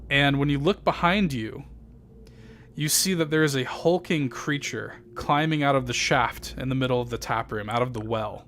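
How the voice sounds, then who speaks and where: A man's voice: medium pitch, normal speed, a bit bright, a little hiss or hum. Rambling man narrating a tabletop game. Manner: loose, rambling, full of fillers and swearing. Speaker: game master.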